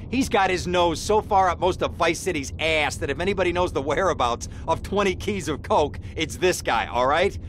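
An actor playing a nervous, rambling lawyer in a video game cutscene. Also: male voice, a little high, a bit bright, a little hiss or hum. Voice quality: frantic, rambling. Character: jittery nervous male lawyer.

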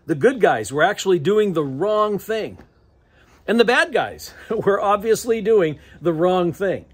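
A man's voice: high voice, lively intonation, unhurried, slightly rough. A man with an American accent preaching a sermon as pastor, conversational and often chuckling between phrases. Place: church sanctuary.

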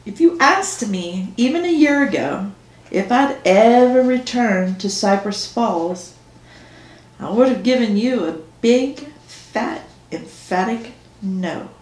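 A woman author reading her own novel aloud in first person, slow and measured. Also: on the high side, animated, a little mellow. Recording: echoey room.

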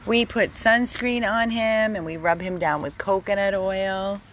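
A woman hosting a casual live stream from her dog rescue, using gentle baby talk with her dog and chatting with viewers. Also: mid-range voice, unhurried, a little hiss or hum. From Florida. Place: home with dogs, indoors and out.

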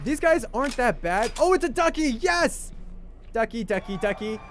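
Very high-voiced excitable young man. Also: moderate pace, a little hiss or hum. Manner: excitable, jokey, talks to chat, repeats himself when panicking. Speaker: gaming livestreamer. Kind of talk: excitable live gameplay commentary.

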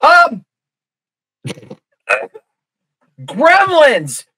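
A man's voice: extremely high pitch, huge pitch swings, very slow, pushed and bright. A young man co-hosting a casual comedy podcast, joking crudely and acting out movie scenes in silly voices. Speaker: podcast co-host.

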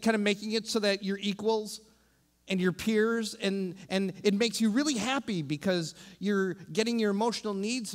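A man preaching a sermon as pastor, animated and often restarting his sentences. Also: high-pitched, in a large hall. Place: church sanctuary.

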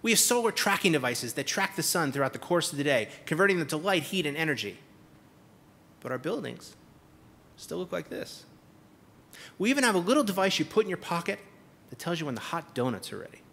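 Give me a male conference keynote speaker with a punchy, sarcastic delivery and a bright voice. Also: a little high, sing-song, fast talker. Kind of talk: comedic keynote speech. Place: conference hall stage.

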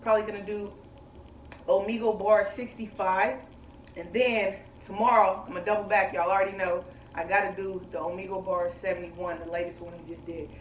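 A man's voice: high voice, little pitch movement, fairly quick, slight background noise. A man hosting a reaction video, talking in a casual, slangy way and hyping up his viewers. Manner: laid-back slangy, hypes up viewers. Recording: roomy echo, distant from mic.

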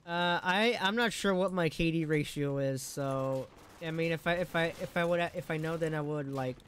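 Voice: mid-range voice, normal speed, fairly bright tone, clear, resonant tone. A game streamer chatting casually on a live stream, rambling, giggling and tripping over words.

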